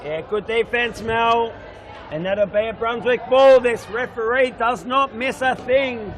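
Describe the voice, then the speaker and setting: A man's voice: very high-pitched, a little slow. A man doing chatty, jokey live commentary on a futsal match in an indoor stadium. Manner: chatty, jokey, banters with the referee. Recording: crowd noise in a sports hall. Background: crowd noise.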